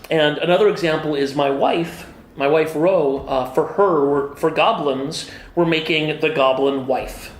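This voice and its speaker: A man's voice: fairly high pitch, a little slow, slight background noise. A middle-aged man, a game designer, chatting eagerly in a casual interview at a convention, with many fillers. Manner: enthusiastic, animated storyteller with many fillers. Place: busy convention hall. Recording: echoey convention hall with faint ambience.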